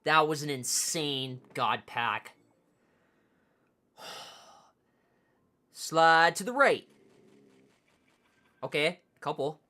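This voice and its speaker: Low-voiced woman murmuring on stream. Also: drawn-out words, pauses often, pushed and bright. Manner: low-key, murmuring card names to herself. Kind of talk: casual live-stream commentary.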